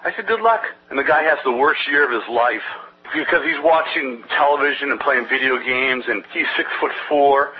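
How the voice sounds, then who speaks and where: A man's voice: medium pitch, fairly even intonation, normal speed, breathy edge. A man promoting his brain-training program in an interview, rambling and salesy, telling anecdotes. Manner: salesy, rambling, tells anecdotes with quoted voices. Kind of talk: energetic pitch of his program in a phone-style interview. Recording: dull lo-fi audio with faint hiss.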